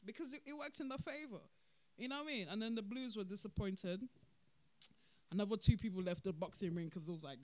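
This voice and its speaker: A podcast host, talking through events in animated casual commentary, laughing and repeating points for emphasis. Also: mid-range voice, quick pace.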